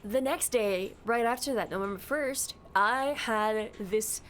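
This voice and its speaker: A woman's voice: a little high, unhurried, fairly bright tone, slight background noise. A woman live-streaming in a casual, rambling way, greeting her chat by name and slipping into silly voices. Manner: playful, drops into silly voices.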